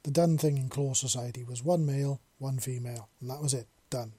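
A man narrates a story in a measured, unhurried way. His voice is dark and husky. It is recorded close and dry. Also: medium pitch, steady tone, dry recording.

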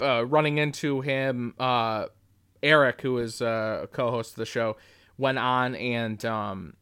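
A man's voice: medium pitch, a bit bright, smooth. Rambling man telling a story. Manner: rambling, frequent restarts and "like". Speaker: podcast host. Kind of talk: casual chat, storytelling.

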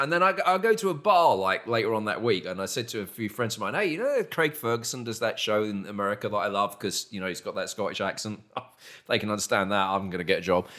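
A man's voice: mid-range voice, fairly bright tone. A man with a Southern British accent hosting a podcast, telling rambling, self-mocking stories and acting out what people said. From southern England. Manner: rambling, self-mocking anecdotes with acted-out quotes. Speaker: podcast host. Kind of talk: casual chat, storytelling.

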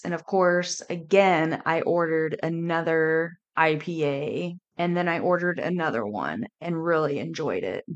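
A woman hosting a podcast, candidly and reflectively telling a personal story in a relaxed, conversational way. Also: lowish voice, muffled recording. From Kansas City area. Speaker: podcast host.

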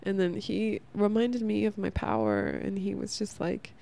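Gravelly, mellow-voiced woman hosting a podcast. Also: mid-range voice, fairly even intonation, a little slow, few pauses. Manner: rambling, earnest, laughs at herself, lots of "like". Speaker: podcast host. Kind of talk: casual spiritual self-help podcast.

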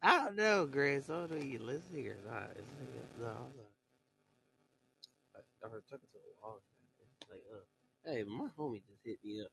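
A man's voice: mid-range voice, moderate pace, vocal fry, pauses often, noisy background. A young man hosting a live audio chat in a casual, rambling, slangy way, repeating himself often. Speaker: podcast host on live audio stage.

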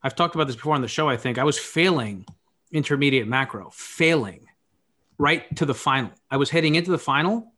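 Male podcast guest, mid-pitch, reflective thinker, talks ideas through out loud. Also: expressive, fairly quick. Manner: musing, philosophical, thinks aloud. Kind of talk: reflective conversational talk.

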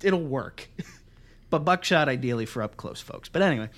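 A young man in his twenties co-hosting a podcast, telling a long profane story in a casual, animated way and laughing as he goes. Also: medium pitch, moderate pace. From Pennsylvania. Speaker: podcast co-host.

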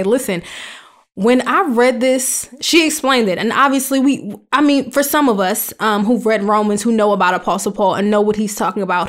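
A young adult woman hosting a faith podcast, talking in an earnest, conversational and emphatic way. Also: mid-range voice. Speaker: podcast host.

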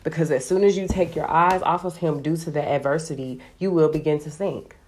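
A woman with a low voice teaching from the Bible in a relaxed, conversational way. She talks animatedly, sprinkling her speech with "like". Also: fairly quick. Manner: chatty, animated, heavy use of "like". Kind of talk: casual devotional teaching.

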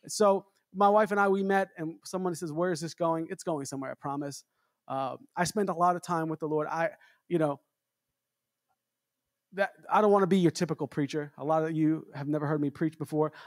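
A traveling minister preaching to a congregation in a chatty, storytelling way, often adding "amen" and restarting phrases. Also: male voice, high-pitched, no room sound, studio quality. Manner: conversational preaching with repeated amens. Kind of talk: sermon.

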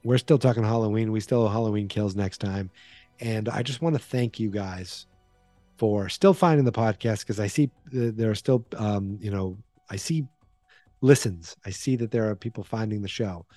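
A man's voice: on the low side, normal speed, dark tone, no room sound, faint music behind. A man with a Boston accent hosting a solo podcast in a rambling, playful, self-deprecating way. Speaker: podcast host. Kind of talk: casual solo podcast chat.

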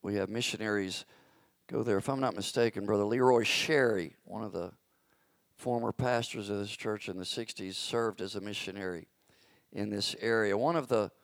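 A man's voice: on the low side, normal speed, vocal fry, no room sound, studio quality. A pastor preaching a sermon in a church, stretching out words for emphasis as his fervor builds. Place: church sanctuary. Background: soft background music.

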